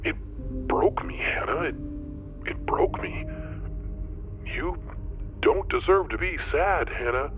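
A man's voice: on the high side, animated, unhurried, soft background music. An actor playing an obsessive, unstable male fan calling in, stammering and pleading. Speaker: caller. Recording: tinny phone line with faint noise.

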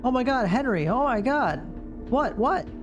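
A man voicing a chatty, teasing young woman neighbor in a horror game, reading her lines in a raised pitch. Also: very animated, normal speed, music in the background, heavily acted. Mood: alarmed.

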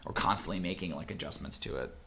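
A man's voice: low-pitched, fast, sharp tone. A young man from Minnesota hosting a casual game-design stream, reading viewer comments and thinking aloud with lots of fillers and restarts. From Minnesota, USA. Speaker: game master and show host.

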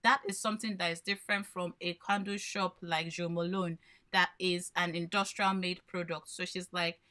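A woman's voice: lowish voice, level tone, moderate pace, pushed and bright. A woman coaching small business owners in a live workshop, explaining by posing questions and then answering them. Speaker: branding coach.

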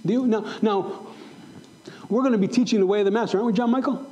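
High-voiced, mellow male pastor preaching. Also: quick pace, highs cut off, a little hiss or hum. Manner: emphatic, repeats questions to the congregation. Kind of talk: sermon. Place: church sanctuary.

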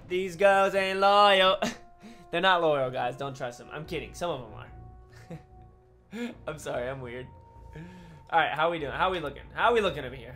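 A tired man giving joking, trash-talking live commentary over his own gameplay, yelping at big plays. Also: a little high. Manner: excitable, yelps and laughs at big plays. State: tired from travel. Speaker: gaming commentator. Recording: music playing behind.

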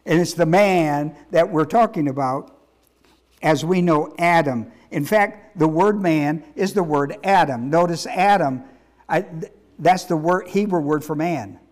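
A man with a high-pitched voice preaches as a pastor. He teaches emphatically, repeating himself and quizzing the congregation. His delivery is halting and full of restarts. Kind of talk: sermon teaching.

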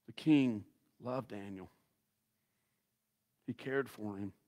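A man's voice: fairly low pitch, takes it slowly. Folksy dramatic preaching man. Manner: dramatic, swinging from loud to hushed; folksy storytelling. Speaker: guest pastor. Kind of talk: sermon.

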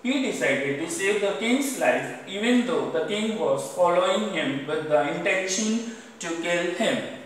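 Man teacher with an Indian accent, high-pitched, recorded from a distance in an echoey room, reads a story aloud and explains vocabulary. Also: expressive, a little slow, slight background noise. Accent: Indian English. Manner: repeats "underline the word" between sentences. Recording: echoey room, voice far from mic.

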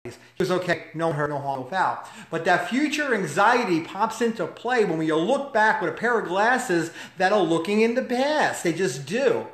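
A man delivers a motivational talk in an emphatic, conversational way, often asking rhetorical questions. His voice sits fairly high for a man. The recording has a roomy echo. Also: big pitch swings, moderate pace, hardly any pauses, fairly bright tone. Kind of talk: motivational talk with personal story. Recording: echoey room.

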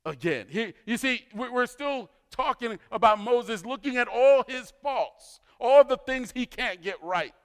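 A man's voice: extremely high pitch, lively intonation, measured pace, few pauses, clean tone. A man preaching a sermon, a pastor who tells the story with animation and acts out the dialogue. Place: church sanctuary. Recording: church hall reverb.

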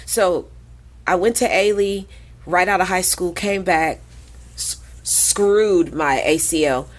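A woman in her forties, a podcast guest who tells stories in a lively, profane way and acts out the voices of people she quotes. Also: fairly low pitch, takes it slowly. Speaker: podcast guest, krump dancer. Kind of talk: animated storytelling in conversation.

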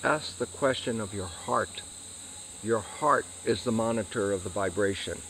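Animated man explaining science. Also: on the low side, measured pace, slight background noise, low-quality recording. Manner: animated, acts out questions and answers to himself. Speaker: interview guest, scientist. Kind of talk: explanatory interview answer.

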